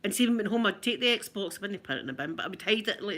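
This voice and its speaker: A woman's voice: medium pitch, expressive, rapid-fire, fairly bright tone. A middle-aged woman with a Scottish accent chatting through funny memories in a casual ASMR video, often laughing. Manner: chatty, giggly, anecdotal. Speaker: ASMR vlogger.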